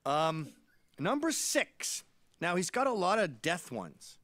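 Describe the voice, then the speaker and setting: A high-sitting voice speaks slowly on a dry recording. It belongs to a Canadian man in his late forties whose podcast monologue is a run of irreverent, animated comic stories.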